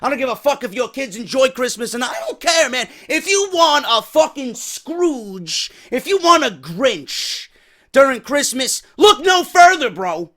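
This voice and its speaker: A man in his thirties with a New York accent and a hoarse voice, telling a story as a profane, angry rant with loud bursts. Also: extremely high pitch, big pitch swings, measured pace. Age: 30s. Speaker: wrestling podcast host.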